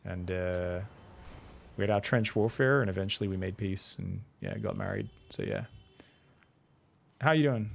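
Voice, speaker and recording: Gravelly laid-back man. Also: low voice, big pitch swings, normal speed, pauses often. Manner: laid-back, rambling, swears casually. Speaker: StarCraft coach and streamer. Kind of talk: casual game commentary and chat with viewers.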